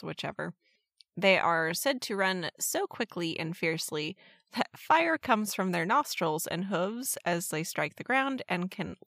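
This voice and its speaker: A woman co-hosting a casual podcast, telling folklore stories in a relaxed, chatty way. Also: fairly low pitch, no echo, studio quality. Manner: storytelling about folklore, light laughs. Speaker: co-host.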